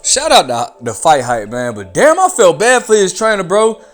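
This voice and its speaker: A man's voice: high voice, moderate pace, soft background music. A man giving casual boxing commentary in slangy talk, acting out what others said. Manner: slangy, animated, acts out quotes.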